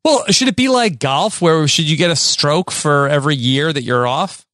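A man co-hosting a podcast, joking around and halting with fillers. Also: fairly high pitch, fairly bright tone, no echo, clean studio sound. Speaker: podcast co-host and contestant. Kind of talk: casual podcast banter.

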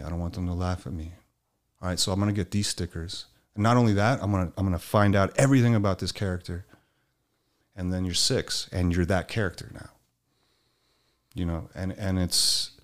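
Deep-voiced man telling candid stories. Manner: animated, swearing, acts out quoted voices. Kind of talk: candid conversational storytelling.

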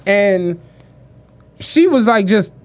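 A man's voice: high voice, drawn-out words. A man co-hosting a casual podcast, telling a story in slangy talk and acting out the people he quotes. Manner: animated anecdote-telling, acts out quoted voices, slangy. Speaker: podcast co-host.

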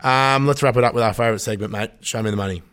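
A man's voice: medium pitch, rapid-fire, a bit bright, smooth. An Australian man hosting a casual greyhound-betting podcast, joking and laughing his way through rambling banter. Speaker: podcast host. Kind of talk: casual sports betting chat.

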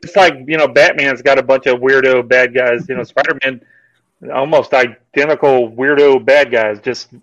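A man's voice: mid-range voice, steady tone, moderate pace, a bit bright, no echo, lo-fi sound. A man in casual podcast chat, offhand with dry quips.

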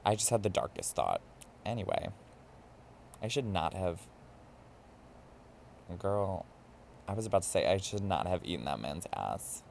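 Campy low-voiced man telling stories. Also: unhurried, vocal fry, pauses often, a little hiss or hum. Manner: campy and animated, mimics voices in quotes. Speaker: podcast host. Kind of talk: casual storytelling monologue. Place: New York.

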